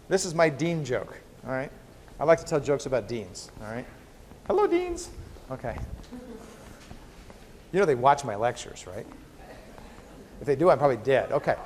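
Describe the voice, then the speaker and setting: A man's voice: mid-range voice, expressive, moderate pace, long pauses, a little hiss or hum. A man who is a biochemistry professor, giving a joking university lecture full of rhetorical questions to the class. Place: lecture hall. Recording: reverberant lecture hall.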